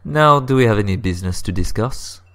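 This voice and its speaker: A man's voice: on the low side, expressive, brisk, fairly bright tone. A man voicing a displeased male corporate fixer from a video game, speaking in a cold, reproachful way.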